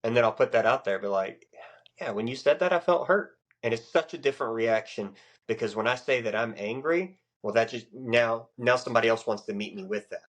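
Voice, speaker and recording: A middle-aged man, a Navy chief, speaking as a guest in a casual podcast interview, explaining ideas in an earnest, expressive way. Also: mid-range voice, brisk.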